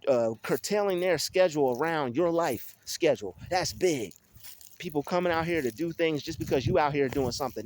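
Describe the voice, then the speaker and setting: A man's voice: fairly high pitch, moderate pace. A man talking in a casual motivational monologue, emphatic and repetitive, like he is preaching. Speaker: motivational vlogger.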